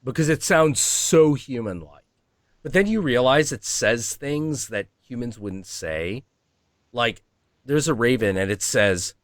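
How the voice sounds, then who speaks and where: A man streaming casually, profane and animated, acting out animal voices as he talks. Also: medium pitch, measured pace, no room sound. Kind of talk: casual chat.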